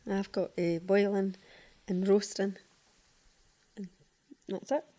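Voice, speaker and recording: A woman with a Stirling Scottish accent, reminiscing in a relaxed group chat with light laughter. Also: mid-range voice, slow. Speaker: interviewee.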